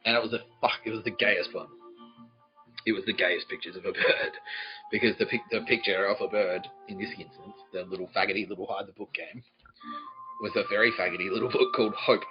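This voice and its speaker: A man's voice: on the low side, fairly even intonation, quick pace, soft background music. Ranting, swearing man, lo-fi sound. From Australia. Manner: ranting, swearing, laughing at his own jokes. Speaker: podcast host. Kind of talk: profane comic monologue.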